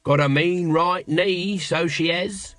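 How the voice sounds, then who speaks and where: A man's voice: on the high side, fairly even intonation, takes it slowly, a bit bright, dry recording, clean studio sound, pitched above the performer's own voice. A man voicing a coarse, blunt, scruffy watch corporal in an audiobook reading. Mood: coarse banter.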